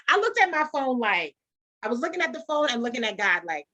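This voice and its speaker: A woman's voice: fairly high pitch, moderate pace. A woman gospel singer and songwriter, guest in an interview, telling her story earnestly and acting out the conversations she recalls. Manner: earnest, animated storytelling, acts out quoted dialogue. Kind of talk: casual interview, personal testimony.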